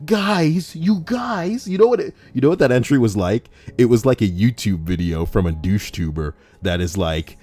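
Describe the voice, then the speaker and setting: Young guy w a deep voice, goofy ranty commentary, swears a lot. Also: big pitch swings, darkish tone, faint music behind. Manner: swearing, joking, quick switches into mock voices. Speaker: YouTube host reading online stories. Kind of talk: comedic commentary.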